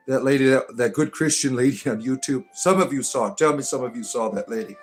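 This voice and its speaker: A man's voice: medium pitch, quick pace, few pauses, soft background music. A middle-aged man hosting a casual livestream, answering chat with irreverent jokes and mock-preachy asides.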